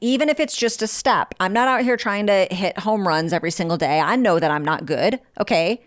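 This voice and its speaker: A woman's voice: mid-range voice, brisk. A woman hosts a motivational podcast. She speaks in a direct, frank coaching manner and keeps it informal, addressing listeners like friends. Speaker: podcast host.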